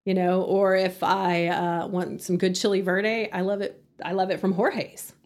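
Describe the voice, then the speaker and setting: A woman's voice: medium pitch, flat delivery, measured pace, darkish tone. A middle-aged woman, a guest chatting casually in an interview, laughing often and acting out quotes. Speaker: podcast guest.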